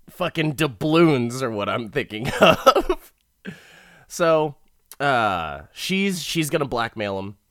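A man's voice: medium pitch, big pitch swings, slow pace, pauses often, fairly bright tone, dry recording, studio quality. A man casually recapping an episode with heavy swearing and frequent laughter. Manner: profane, laughs often while talking. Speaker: show recap host.

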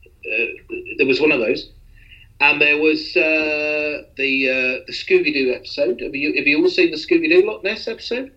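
Man, podcast host, bright tone, rambling and self-mocking, lo-fi audio. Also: a little high, normal speed. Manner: rambling, self-deprecating, with restarts. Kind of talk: casual podcast chat.

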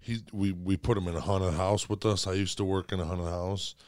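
A man's voice: low voice, steady tone, fairly quick, no echo, clean studio sound. A man in a casual chat who rambles, swears a lot and laughs often.

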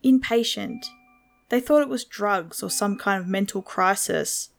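A woman narrating a horror story in a slow, measured storytelling manner. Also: mid-range voice, vocal fry.

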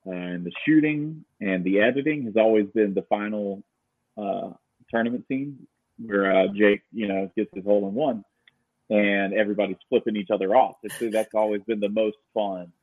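A man telling stories about directing a film shoot in a casual, rambling chat, full of fillers and lively quoted asides. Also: lowish voice, normal speed, no echo, phone-quality sound.

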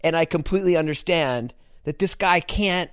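A man telling a story in casual chat, animated and swearing, acting out what people said. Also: fairly high pitch, moderate pace, clear, resonant tone, no room sound, clean studio sound. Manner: animated, swearing, acts out quotes.

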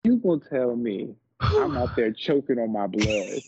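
A man co-hosting a wrestling podcast, telling the story with lively disbelief in casual chat. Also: mid-range voice, measured pace, vocal fry, slight background noise. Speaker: podcast co-host. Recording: dull lo-fi sound.

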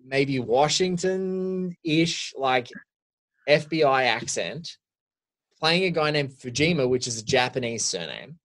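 Man, young adult, podcast co-host, rambling casual chat, average pitch. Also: expressive, takes it slowly, fairly bright tone. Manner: rambling, restarts a lot.

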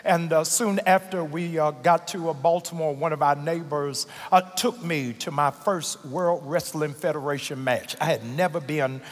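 A male pastor preaching a sermon, moving from measured teaching with frequent "uh" fillers to shouted, climactic preaching. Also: a little high, fairly even intonation. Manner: frequent "uh" fillers and "here it is" asides. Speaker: senior pastor. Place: large church sanctuary. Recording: church hall reverb with music behind.

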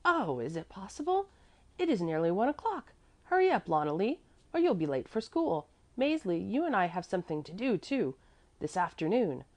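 Earnest, fretful old housekeeper type, emphatic, with lively pitch swings, read by a woman. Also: moderate pace. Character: fussy, devoted older woman servant.

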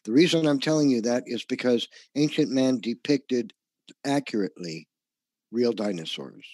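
A man's voice: medium pitch, normal speed, darkish tone, no echo. A man presenting a slideshow lecture in an earnest, insistent way, often stumbling and restarting his words.

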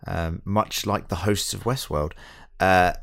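A man co-hosting a podcast, agreeable and relaxed, reading listener messages out. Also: low-pitched, slow, creaky. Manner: easygoing, agreeable, reads listener messages aloud. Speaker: podcast co-host. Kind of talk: casual chat.

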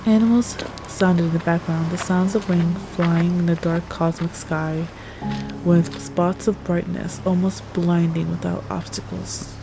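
A woman narrating a tense second-person audio story in a measured way. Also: fairly low pitch, fairly even intonation, gravelly, low-quality recording. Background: music.

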